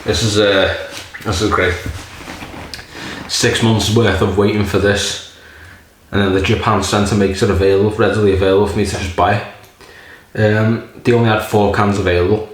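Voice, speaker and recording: A man's voice: lowish voice, little pitch movement, moderate pace. A man casually reviewing a beer in a rambling, jokey way, swearing often. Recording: very echoey room.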